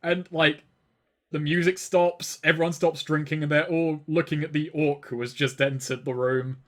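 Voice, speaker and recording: A man's voice: a little high, little pitch movement, moderate pace. A man narrating a tabletop game as game master in a loose, rambling way.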